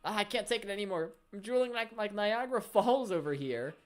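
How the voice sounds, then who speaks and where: A woman's voice: medium pitch, expressive, brisk, soft background music, voice pushed up, close to an everyday voice. A woman reading out the lines of a bubbly, donut-obsessed athletic teen girl in a video game, with gushing energy. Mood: excited. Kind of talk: reading game dialogue aloud.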